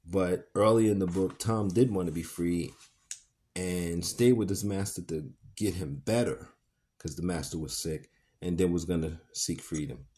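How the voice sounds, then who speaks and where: A man reads a novel aloud and stops to add his own thoughts. His low, dark voice moves at a slow, unhurried pace. He stumbles now and then with fillers and corrects himself. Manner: pauses, fillers and self-corrections. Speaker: podcast reader and commentator. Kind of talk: reading aloud with commentary.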